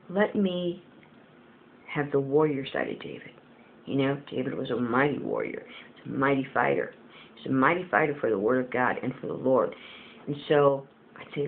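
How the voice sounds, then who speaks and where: A woman giving a casual spiritual testimony, rambling and earnest with many fillers, as a Christian video blogger. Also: low voice. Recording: tinny phone-like audio with faint hiss.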